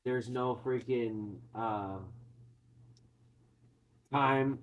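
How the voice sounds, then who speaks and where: A man's voice: medium pitch, steady tone, drawn-out words, highs cut off, a little hiss or hum. A man casually retelling a film's plot, swearing and acting out quotes, in a chatty movie-recap conversation.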